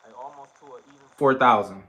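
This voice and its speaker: Speaking at a quick pace in a mid-range voice with lo-fi sound, this young trading channel host is winded after push-ups. His casual livestream mixes loose, slangy, animated chatter with counted push-ups and chart commentary.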